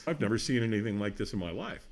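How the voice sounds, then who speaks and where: A middle-aged man, a podcast guest, telling a story in a lively way, acting out the voices of the people in it and laughing often. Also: on the low side, fast, gravelly. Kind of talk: animated storytelling.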